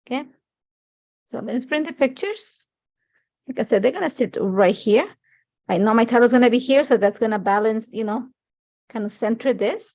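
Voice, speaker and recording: A woman's voice: a little high, lively intonation, moderate pace, pauses often, darkish tone, lo-fi sound. A woman in her forties hosting a live scrapbooking demonstration, chatty and rambling, filling her talk with "like, you know.". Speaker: craft livestream host.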